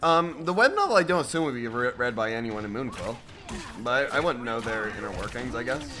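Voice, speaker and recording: A man's voice: mid-range voice, lively intonation, a little fast. A man chatting casually about writing, hesitant, repeating words and swearing now and then. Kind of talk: casual chat.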